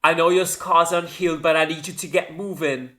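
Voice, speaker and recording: A man's voice: on the high side, fairly even intonation, a little fast, bright, forceful tone, voice pushed up. A man putting on a cool commanding woman. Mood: urgent commanding. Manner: curt, urgent orders.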